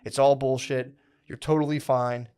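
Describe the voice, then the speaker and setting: A man's voice: medium pitch, flat delivery, moderate pace, mellow, clean tone. Rambling, profane podcast storyteller man. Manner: loose, profane, fills every phrase with "like" and "dude". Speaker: comedy podcast co-host.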